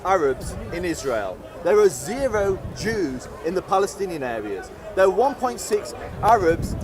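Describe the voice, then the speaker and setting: Brief: advocate man, high and animated, crowd audible behind him. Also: a little slow. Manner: accusatory, citing numbers. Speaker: pro-Israel advocate. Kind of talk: heated street debate. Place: outdoor public speaking park. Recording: outdoor recording with clear crowd noise.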